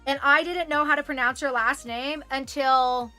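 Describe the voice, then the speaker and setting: A woman's voice: sits high, fairly even intonation, normal speed, pushed and bright, faint music behind. A Canadian woman in her twenties chatting casually with her stream viewers, rambling and self-deprecating with the odd swear word. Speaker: livestreamer. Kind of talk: casual chat with viewers while sewing.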